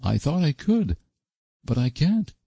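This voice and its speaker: A desperate young woman breaks off her words in pleading bursts, as a low-voiced man puts her on. The voice lifts high and swings widely. It sits close and dry in a quiet room. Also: big pitch swings, unhurried, vocal fry, slightly rough, dry recording, exaggerated voice. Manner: pleading, breathless refusals. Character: young woman, earnest and distraught.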